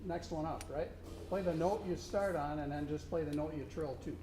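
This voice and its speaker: A contest judge leads a student band clinic, demonstrating rhythms by singing them. His voice is mellow and a little high, delivered at a moderate pace. The space is echoey, with faint noise underneath.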